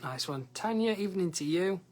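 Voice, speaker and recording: A singer-songwriter hosts a casual live stream from his living room, chatting with viewers, reading out and greeting them by name, and hesitating with plenty of ums. His voice is high-pitched, expressive and a little fast, with guitar in the background.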